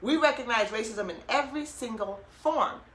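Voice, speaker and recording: A woman with a fairly high, fairly bright voice speaks at a normal pace as she hosts a podcast and tells an animated story. She's emphatic, laughs a lot, and quotes both herself and others. The recording has a roomy echo.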